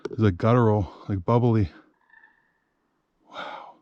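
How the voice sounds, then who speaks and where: A man narrating a casual hike vlog outdoors on a wooded trail. He talks slowly and wryly to himself and breaks into loud crow calls. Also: lowish voice, steady tone, dry recording, muffled recording. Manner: slow, wry self-talk with loud crow calls.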